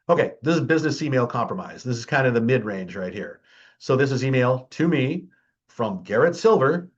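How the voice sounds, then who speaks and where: A man's voice: medium pitch, dull audio. A man presenting a security awareness training. He talks in a chatty, emphatic way, keeps checking in with the audience, and mocks scams with dry humor. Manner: wry, mocking tone toward scams.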